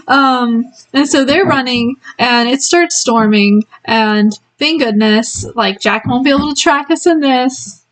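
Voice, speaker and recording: A woman's voice: high voice, slow pace, poor audio. A woman giving a casual spoiler book review, retelling the story in a rambling way with many ums and small laughs.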